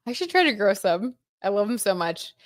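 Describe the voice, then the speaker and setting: A woman's voice: mid-range voice, sing-song, moderate pace, no room sound, studio quality. A young woman hosting a casual live tarot reading, chatty and gushing, with lots of "like" and "oh my gosh". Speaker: tarot reader and live stream host.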